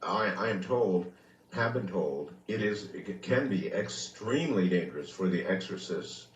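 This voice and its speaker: A man hosting a radio talk show, putting probing questions to his guest with halting restarts. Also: low voice, expressive. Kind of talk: interviewing a guest on a late-night radio show. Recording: dull, echoey, distant broadcast audio.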